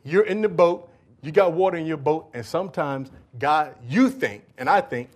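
A man preaching a sermon as pastor, building to loud, pleading calls and then dropping to quiet asides to the congregation. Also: fairly high pitch, moderate pace. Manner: preaching with rising shouted appeals and sudden drops to quiet asides.

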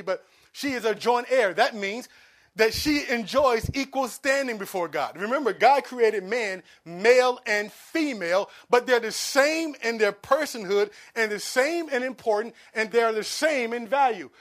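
Man, pastor, sermon, high voice, hushed asides, loud emphatic pleas. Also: lively intonation, normal speed.

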